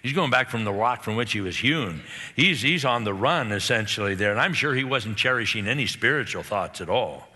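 A man's voice: mid-range voice, brisk, slightly rough. A man preaching a sermon, retelling a story and acting out the characters' lines. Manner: animated, acts out the characters' lines. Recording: long hall reverb.

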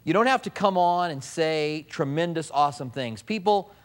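Man, pastor, mid-high pitch; casual sermon delivery with quick mimicry and restarts. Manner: conversational preaching with mimicked asides and restarts.

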